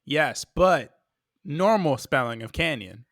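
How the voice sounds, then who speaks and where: A man from the Boston area co-hosting a wrestling podcast in casual chat, joking and swearing with quick riffs. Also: on the high side, animated, fairly bright tone, no room sound, studio quality. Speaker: podcast co-host.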